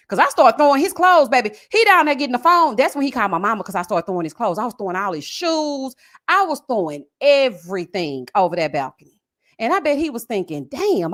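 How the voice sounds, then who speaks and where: A young woman, telling a personal story on a live stream in a casual, expressive way. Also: on the high side. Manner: animated and expressive, drawn-out endearments. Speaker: reality show commentator.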